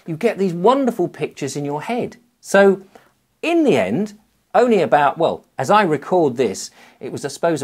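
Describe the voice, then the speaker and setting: A middle-aged man, a children's author, chatting to camera in a rambling, animated way. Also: a little high, slightly rough. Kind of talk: casual talk to camera.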